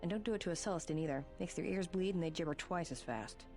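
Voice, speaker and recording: A woman voicing a brash, teasing young bounty hunter who talks in a casual, quick-witted way. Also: fairly low pitch, darkish tone, natural voice. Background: game music.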